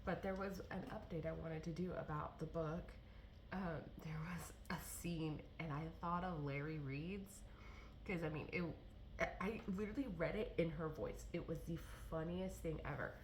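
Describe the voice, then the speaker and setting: A young woman with a low voice talks through her day in a loose, rambling vlog. She fills her talk with ums and restarts, over a faint hum of background noise. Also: normal speed. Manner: rambling, chatty, lots of fillers and restarts. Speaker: vlogger. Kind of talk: casual vlog chat.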